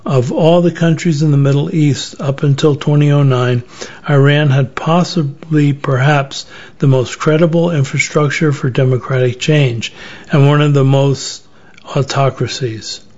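Measured man reading a personal essay, lo-fi. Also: mid-range voice, steady tone, a little mellow. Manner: measured, reflective, with occasional restarts. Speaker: journalist reading his own essay. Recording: slightly dull lo-fi recording.

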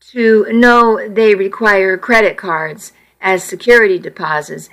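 A woman narrating a first-person audiobook in a measured, intimate storytelling manner. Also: medium pitch, fairly bright tone, rough recording.

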